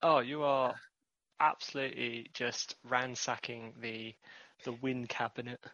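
A man's voice: mid-range voice, steady tone, measured pace, pushed and bright, no room sound, lo-fi sound. A man hosting a podcast in casual chat, teasing and laughing often. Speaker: podcast host.

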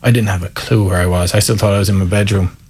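Gravelly Irish man telling stories. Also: fairly low pitch, fairly even intonation, quick pace, a little mellow. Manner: wry, anecdotal, candid. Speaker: guest, former Gaelic footballer. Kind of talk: casual storytelling interview.

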